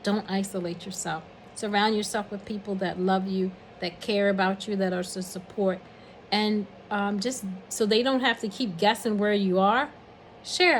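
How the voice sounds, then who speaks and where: An older woman speaking earnestly and warmly, encouraging listeners and counting off her advice point by point. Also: medium pitch, steady tone, normal speed, a little hiss or hum, low-quality recording. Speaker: speaker giving a message of encouragement. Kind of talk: heartfelt spoken message.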